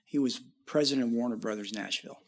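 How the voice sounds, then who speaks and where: A middle-aged musician, guesting in a casual interview, tells long rambling stories fast in a creaky, medium-pitched voice. He becomes animated whenever he quotes other people.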